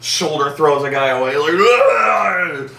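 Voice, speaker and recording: A man's voice: mid-range voice, moderate pace, sharp tone. A man casually recapping a film as a vlog host, rambling with lots of "like" and free swearing. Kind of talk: casual movie recap chat. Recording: echoey room, mic far off, faint noise.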